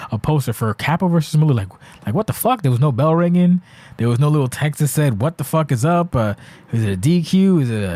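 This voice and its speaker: A man's voice: mid-range voice, a little mellow. A man hosting a solo podcast, rambling and ranting with lots of swearing, restarts and searching for words. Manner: rambling, profane, exasperated ranting with frequent restarts. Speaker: podcast host.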